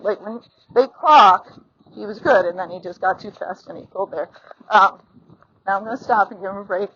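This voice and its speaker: A middle-aged woman gives a riding lesson outdoors from horseback, chatty and encouraging, acting out what the horse and rider might be thinking. Her voice is mid-range, fairly bright and husky, picked up by a phone mounted on the rider, with a slightly dull lo-fi sound.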